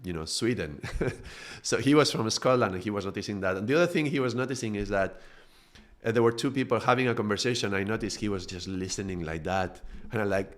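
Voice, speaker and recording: A middle-aged man with a strong Spanish accent, a native Spanish speaker from Spain, hosts a casual live talk as a spiritual teacher. His voice sits fairly low, and he speaks in quick, animated bursts, chuckling often and restarting his sentences as he goes. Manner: quick, animated storytelling with frequent laughs and restarts.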